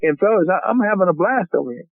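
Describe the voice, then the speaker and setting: An older man with a noticeably high voice talks with energy and keeps addressing his listeners as "fellas". His words come through a narrow, tinny phone line. A faint hiss sits underneath everything he says. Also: fast, gravelly. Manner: animated storyteller who keeps addressing the hosts as "fellas". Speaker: college football head coach and guest. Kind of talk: phone interview.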